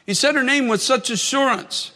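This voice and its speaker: A man's voice: very high-pitched, moderate pace, pushed and bright, big-room sound. A man preaching a sermon as pastor, telling stories earnestly and repeating phrases for emphasis.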